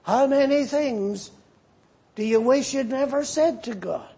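A man's voice: very high-pitched, unhurried, vocal fry, warm tone, husky. A man preaching a sermon and animatedly voicing the scripture figures as he retells the story.

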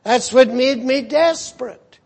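A man's voice: very high-pitched, a little slow, gravelly, a little mellow, slightly rough, pitched above the performer's own voice, heavily acted. A man acting out a desperate father who cries out in anguish, pleading and broken.

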